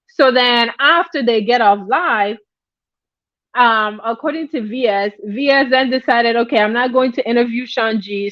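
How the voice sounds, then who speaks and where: A woman's voice: a little high, dry recording, lo-fi sound. A woman giving casual, chatty gossip commentary, dropping in asides as she tells the story. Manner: chatty, animated, drops in asides like "right?". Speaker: commentary YouTuber.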